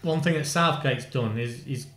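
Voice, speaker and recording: A man's voice: mid-range voice, moderate pace, fairly bright tone. English man, casual storyteller, roomy echo on the voice. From England. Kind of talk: casual football chat.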